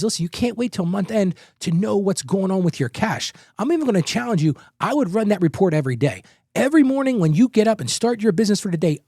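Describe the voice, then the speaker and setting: Animated, high-voiced male podcast host. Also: dry recording, clean studio sound. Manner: emphatic, conversational, tells anecdotes with rhetorical questions. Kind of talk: energetic business advice monologue.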